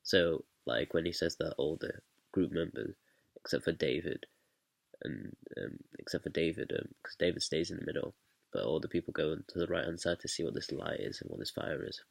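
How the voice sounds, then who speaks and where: A man's voice: rumbling low, expressive, normal speed, vocal fry, slightly rough, dry recording. A young man casually explaining how he directed a stage scene, hesitant, with many fillers and restarts. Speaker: student director.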